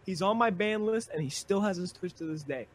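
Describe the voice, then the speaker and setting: A man streamer chatting casually, joking with quick comebacks. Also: high-pitched, lively intonation. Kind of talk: casual chat.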